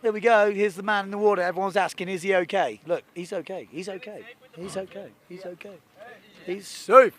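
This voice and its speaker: A man giving jokey, excitable live commentary from a boat on a lake. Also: high voice, brisk. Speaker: sports commentator.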